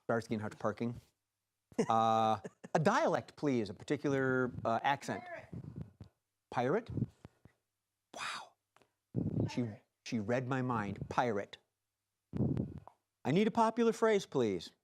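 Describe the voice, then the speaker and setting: A man's voice: medium pitch, sing-song, slow, long pauses, a little hiss or hum. A man hosting a live improv comedy show, calling for audience suggestions in a playful, jokey way. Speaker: improv game host.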